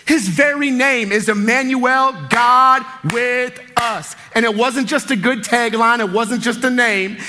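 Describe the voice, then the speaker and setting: Bright, high-pitched preaching man. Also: unhurried, hardly any pauses. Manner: energetic, emphatic preaching with sudden loud peaks. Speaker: pastor. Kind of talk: sermon.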